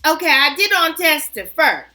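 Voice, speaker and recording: A woman fragrance vlogger chatting casually to her viewers, animated and self-mocking. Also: high-pitched, moderate pace. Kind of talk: casual chat to camera.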